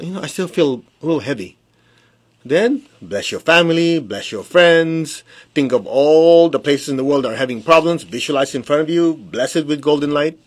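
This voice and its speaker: A spiritual teacher leading a meditation speaks in a mid-range voice with a breathy edge. Over a phone livestream, he gives a conversational motivational talk full of rhetorical questions and direct address to his audience, offering calm guided affirmations.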